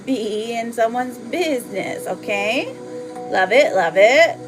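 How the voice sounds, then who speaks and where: A woman's voice: fairly high pitch, expressive, takes it slowly, over music. A woman hosting a live oracle card reading, chatty and playful, laughing often as she reads for viewers. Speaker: live tarot reader.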